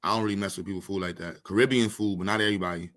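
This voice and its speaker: A Brooklyn man hosts a casual comedic chat, racing along in a low-pitched, steady voice that's a bit bright. He jokes, laughs and talks in loose slang.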